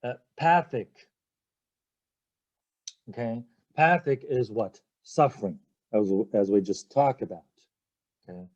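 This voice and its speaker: Man, lecturer, vocabulary lesson, slow pace, mellow tone, spells words aloud, many fillers. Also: mid-range voice, expressive, highs cut off. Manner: spells words letter by letter and checks in with "okay?" and "right?"; hesitant, many fillers and restarts. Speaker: English teacher.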